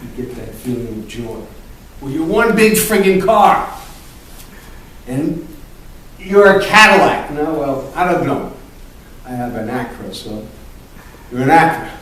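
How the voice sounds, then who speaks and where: Animated man coaching from across an echoey room. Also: unhurried, pauses often. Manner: animated, profane, punchy with "boom". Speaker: acting coach. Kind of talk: improv acting class. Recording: echoey room from far off, faint ambience.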